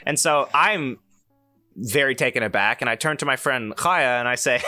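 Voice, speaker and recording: A man's voice: mid-range voice, very animated, unhurried, sharp tone. A young man hosting a podcast, telling a story in a casual, rambling way with many restarts and asides. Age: young adult. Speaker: podcast host.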